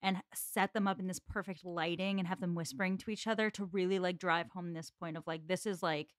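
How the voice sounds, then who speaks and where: A woman's voice: on the low side, fairly even intonation, a little fast, no room sound, clean studio sound. A woman co-hosting a podcast, talking casually and peppering her speech with "like". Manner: chatty, peppered with "like". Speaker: podcast co-host. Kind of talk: casual chat.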